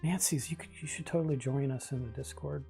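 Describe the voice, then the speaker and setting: A man's voice: mid-range voice, quick pace, vocal fry, music in the background. A man streaming a video game, chatting casually with his viewers and rambling through stories between moves. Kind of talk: casual gameplay livestream chat.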